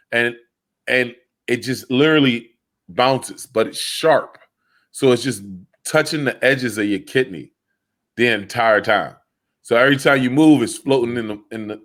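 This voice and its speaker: Male comedy podcast co-host, crude rambling storyteller, mid-pitched. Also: fairly bright tone. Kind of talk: crude casual banter.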